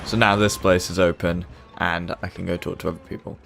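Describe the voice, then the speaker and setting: A man's voice: deep voice, little pitch movement, a little fast, vocal fry, a bit bright, soft background music. A man giving casual, joking, rambling commentary while playing a video game. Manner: joking, rambling, self-deprecating. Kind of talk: casual let's-play commentary.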